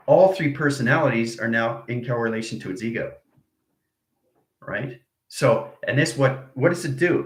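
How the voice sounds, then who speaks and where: A man's voice: medium pitch, animated, normal speed, echoey room, low-quality recording. A man giving a rambling spiritual lecture, repeating abstract jargon and checking in with his listeners. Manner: acts out arguing inner voices. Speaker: self-styled spiritual teacher.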